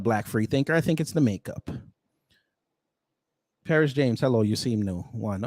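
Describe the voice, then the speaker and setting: A man's voice: mid-range voice, lively intonation, moderate pace, long pauses, a little mellow, dry recording, studio quality. An American man doing reaction commentary with a sarcastic, incredulous, slangy delivery. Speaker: commentary vlogger.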